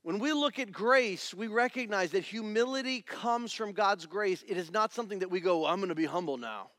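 A middle-aged male pastor preaching a sermon in a church, animated and acting out little family scenes. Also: sits high, no echo, clean studio sound. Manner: animated, acts out family scenes in different voices.

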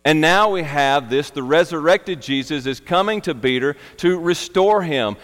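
A man's voice: on the high side, normal speed, a bit bright, in a large hall. A man preaching a sermon, earnest and emphatic, repeating his key phrases for weight.

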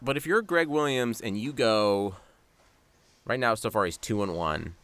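A man co-hosting a sports podcast, chatting casually and ribbing with animated sarcasm. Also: lowish voice, unhurried, clean tone. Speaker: podcast co-host.

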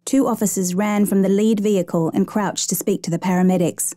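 A woman narrating a true rescue story in a measured, even storytelling manner. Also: medium pitch, no room sound, clean studio sound. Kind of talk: scripted narration.

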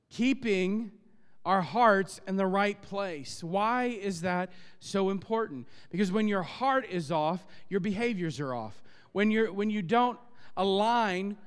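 A male pastor delivers a fervent sermon in a high, smooth, resonant voice. He presses his points with rising, emphatic force. The sound rings with the long reverb of a church sanctuary. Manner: impassioned, rising to loud emphatic peaks.

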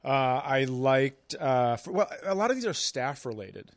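A man's voice: mid-range voice, sing-song, normal speed, no room sound. A man talking as a guest on a podcast in easygoing casual chat, sometimes restarting his sentences.

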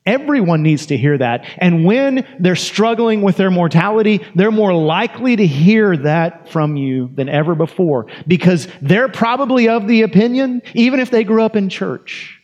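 A man's voice: high voice, moderate pace, hardly any pauses, a little mellow, highs cut off. A man preaching a sermon in a conversational, emphatic way, asking questions and repeating phrases for effect.

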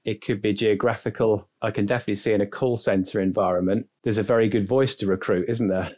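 A man from the London area joins a panel discussion and talks quickly. His voice sits fairly low, and he keeps tagging his points with questions to the others. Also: fairly even intonation, darkish tone. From London or the South East. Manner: quick, conversational, uses tag questions. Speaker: panel guest.

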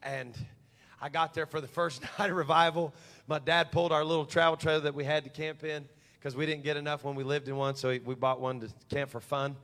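Forties male preacher, high bright voice, folksy and funny in a sermon story. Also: fairly quick. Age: 40s. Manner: animated, humorous, folksy.

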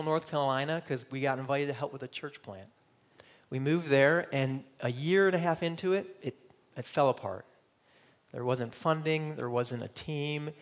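A middle-aged man from Michigan preaching a sermon, earnest and personal, voicing searching questions and at times close to tears. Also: medium pitch. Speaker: pastor.

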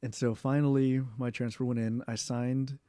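A young man in a casual interview, talking in a rambling way with many fillers, restarts and throat clearing. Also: mid-range voice, level tone, normal speed, dark tone, no room sound, clean studio sound. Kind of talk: casual oral history interview.

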